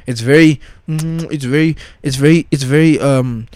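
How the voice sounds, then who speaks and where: A man's voice: on the high side, moderate pace, darkish tone. A young man, ranting casually as a podcast host, full of slang, restarts and repeated "bruh" and "dog". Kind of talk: casual rant about pop culture.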